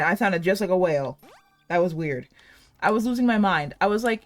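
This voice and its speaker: A woman's voice: fairly low pitch, animated, brisk, faint music behind. A woman in her late twenties chatting casually over gameplay, rambling and giggly, saying "like" a lot. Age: late 20s. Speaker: gaming channel host.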